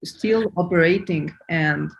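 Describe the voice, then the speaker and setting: Woman, podcast host, soft reflective voice, quiet. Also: lowish voice, slow, gravelly, lo-fi sound. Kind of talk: podcast conversation.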